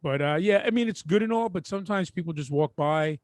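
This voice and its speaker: A man's voice: fairly high pitch, a little fast, no echo, studio quality. A middle-aged man with a New York accent co-hosting a podcast, telling wry, laid-back stories. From Brooklyn, New York. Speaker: podcast co-host. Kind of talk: casual chat.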